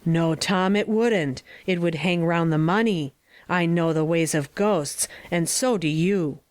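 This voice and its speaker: Lady doing a wary superstitious kid, slow drawl, kinda low voice. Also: darkish tone, natural voice. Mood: uneasy. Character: wary superstitious ragged boy.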